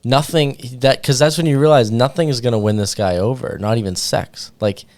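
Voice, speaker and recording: A man's voice: mid-range voice, fairly quick, darkish tone, dry recording. A man hosting a podcast in casual chat, loose and rambling, full of 'like' and 'dude'. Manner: loose, filler-heavy, says 'like' and 'dude' a lot. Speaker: podcast host.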